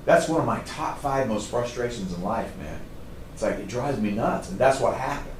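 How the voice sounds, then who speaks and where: A middle-aged man telling stories to a live audience as a trainer, in a casual, animated way. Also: mid-range voice, moderate pace, slight background noise. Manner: casual, animated storytelling, says "man" often. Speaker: trainer speaking to a group. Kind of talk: storytelling talk to a live audience. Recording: roomy, distant mic.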